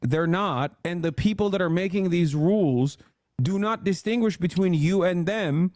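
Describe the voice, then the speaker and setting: A man's voice: high-pitched, darkish tone, dry recording, clean studio sound. A man giving blunt, sarcastic political commentary in an online video. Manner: blunt, sarcastic, fast arguing.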